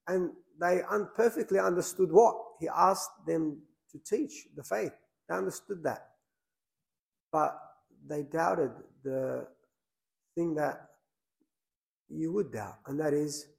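A man's voice: fairly high pitch, vocal fry, darkish tone, low-quality recording. A man, a priest, preaching a sermon in a plain conversational way, with many fillers and restarts.

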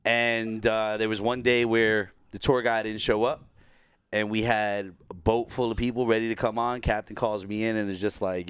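A man with a New York accent talks in a lowish, very clear voice, streetwise and animated. The sound is dry and close. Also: moderate pace, dry recording. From Brooklyn, New York. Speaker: guest, tour guide. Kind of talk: casual chat.

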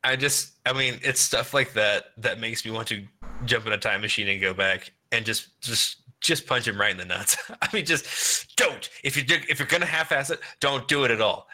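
A man chatting casually, animated and ranting, laughing often. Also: medium pitch, brisk. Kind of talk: casual chat.

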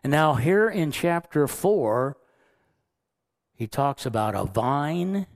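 A man's voice: fairly high pitch, big pitch swings, takes it slowly. A man preaching as pastor, earnest, chuckling now and then and acting out quoted lines. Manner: earnest, chuckles often, acts out God's lines. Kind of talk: sermon.

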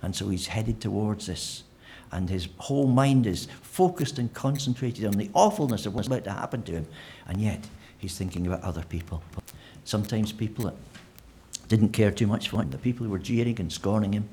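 A man's voice: fairly low pitch, a little fast, warm tone, slight background noise. A man preaching a sermon in a church, conversational and full of fillers and restarts.

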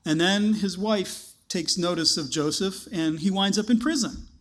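A man's voice: high voice, measured pace. A man preaching a conversational sermon, retelling a story and acting out the characters' words. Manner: conversational, animated storytelling with acted-out quotes. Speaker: pastor.

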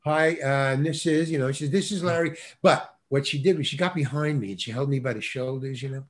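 A man's voice: medium pitch, brisk. An older man, a working actor, telling an anecdote as a guest and acting out the voices of the people in it. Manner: acts out quoted voices, laughs often. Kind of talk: animated storytelling.

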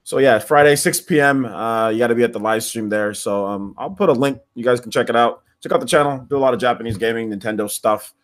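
A man's voice: medium pitch, fast, few pauses. A man guest on a gaming podcast, animatedly plugging his stream. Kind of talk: casual chat.

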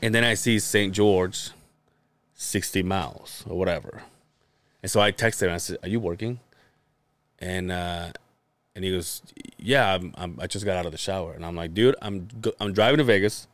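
Male podcast host, low and dry, rambling casual storyteller with lots of fillers. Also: moderate pace, no room sound. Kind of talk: casual chat.

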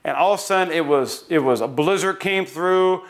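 A man's voice: fairly high pitch, normal speed. A man in his thirties from North Dakota, preaching a sermon and leading a closing prayer in an earnest, pleading way. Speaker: pastor. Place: church building.

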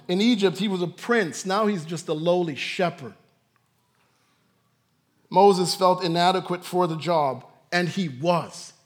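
A man pastor preaching a sermon in a conversational way, with self-deprecating humor. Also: high voice.

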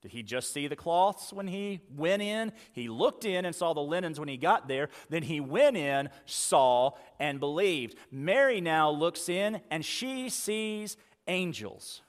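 Slow man preaching in a hall. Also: on the high side, lively intonation. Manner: dramatic retelling, slowing on key words. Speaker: pastor. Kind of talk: sermon. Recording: long reverb of a church hall.

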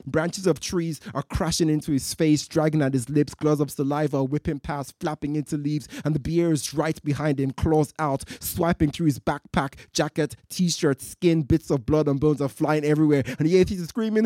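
Measured, rhythmic male poet-storyteller. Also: fairly high pitch, fairly even intonation, warm tone, no echo, studio quality. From West Africa. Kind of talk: live performance storytelling. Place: night-time festival marquee.

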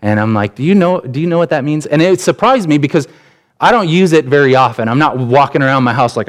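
A man's voice: medium pitch, lively intonation, brisk. A man in his thirties, a pastor, preaching a sermon in a conversational way, with personal stories and frequent restarts.

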